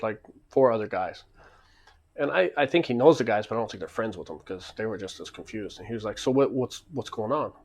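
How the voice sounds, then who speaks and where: A man casually telling a rambling story, acting out the back-and-forth. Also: on the low side.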